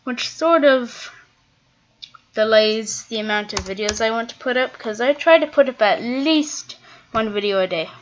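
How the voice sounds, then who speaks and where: A woman's voice: on the high side, unhurried, a little hiss or hum. A woman giving casual gameplay commentary, chatting and thinking aloud as she plays, often trailing off mid-thought. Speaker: gaming video creator. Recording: dull lo-fi mic.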